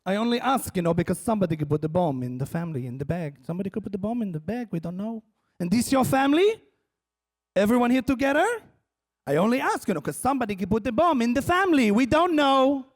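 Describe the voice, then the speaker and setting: A woman's voice: mid-range voice, sing-song, quick pace. A man voicing a brusque female Israeli airport security interrogator, with an Israeli accent and clipped, broken English. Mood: suspicious.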